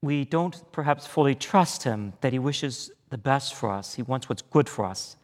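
Man, priest, prayer and sermon, earnest, deliberate, reverberant church hall. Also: mid-range voice, expressive. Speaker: priest leading a retreat. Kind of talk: retreat talk and prayer. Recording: echoey hall.

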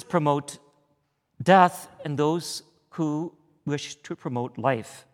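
A man leading a weekend retreat as a priest, praying and preaching in a deliberate, earnest way. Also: a little high. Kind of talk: retreat talk and prayer. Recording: echoey hall.

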